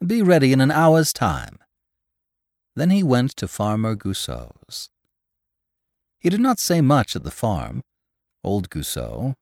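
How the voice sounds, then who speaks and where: A man narrating a classic story in an expressive, scripted reading. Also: lowish voice, no echo, studio quality. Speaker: podcast narrator.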